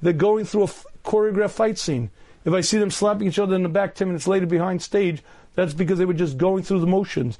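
A middle-aged rabbi lectures earnestly on faith and dating, pausing often to clear his throat. His voice sits high for a man. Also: mellow. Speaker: rabbi giving a talk.

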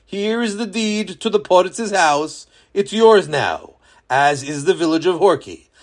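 A man voicing a stately, gracious king who speaks in a measured, formal way. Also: sits high, expressive, voice pushed up.

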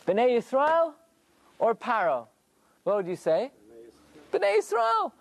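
Male Torah teacher with a lively, swooping delivery, leading a classroom lesson through question and answer. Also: sits high, measured pace. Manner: explains through rhetorical questions and answers them himself.

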